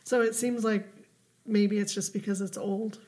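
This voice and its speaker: A woman's voice: mid-range voice, steady tone, normal speed, warm tone. Curious woman asking short questions. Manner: asks short questions and reacts with brief interjections. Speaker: podcast co-host. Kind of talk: casual chat.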